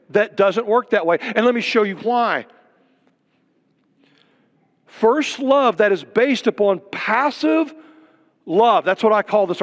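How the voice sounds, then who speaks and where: An older male pastor preaching with a fairly high voice, asking question after question and then sinking to a near-whisper for emphasis. His sermon rings out with a long reverb, as if recorded in a church sanctuary. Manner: emphatic preaching with rhetorical questions and sudden drops to a hush.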